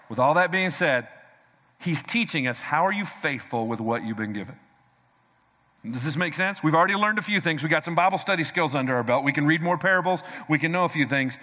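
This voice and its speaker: A man preaching a sermon as pastor, with energetic, punchy delivery and call-and-response to the congregation. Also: on the high side, brisk. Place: large church hall. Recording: reverberant church hall.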